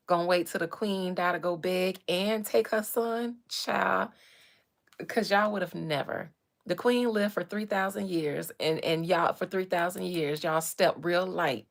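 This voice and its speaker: A woman's voice: lowish voice, vocal fry. A woman hosting a live stream, ranting in a blunt, slangy, profane and sassy way. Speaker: livestream host.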